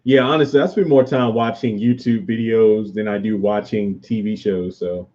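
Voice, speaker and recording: Mellow-voiced man chatting casually on stream. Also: on the low side, steady tone, moderate pace, lo-fi sound. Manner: rambling, answers viewers' comments aloud. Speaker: YouTube host reviewing a TV show. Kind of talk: casual livestream chat.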